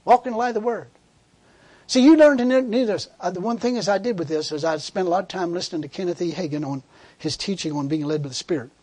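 A man's voice: high-pitched, fast, darkish tone, breathy edge. A man preaching a sermon in a fervent, conversational way, repeating words and laughing as he tells a story.

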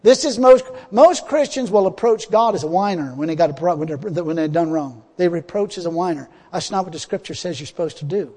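A male preacher with a notably high voice delivers a folksy sermon, laughing often and building to loud, urgent appeals. His voice rings out through a church hall with a long reverb tail. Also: animated, brisk, hardly any pauses.

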